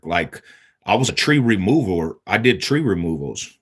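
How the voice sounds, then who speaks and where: Laid-back deep-voiced streamer from Denver. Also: male voice, very animated, normal speed. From Denver, Colorado. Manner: laid-back slangy talk, reads viewer comments aloud then answers. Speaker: livestreamer answering chat. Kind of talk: casual livestream chat.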